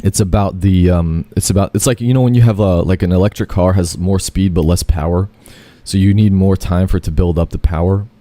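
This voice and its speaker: A man's voice: low-pitched, steady tone, brisk, few pauses, warm tone, no echo. A man telling a long, rambling first-person story, full of fillers, self-corrections and casual swearing.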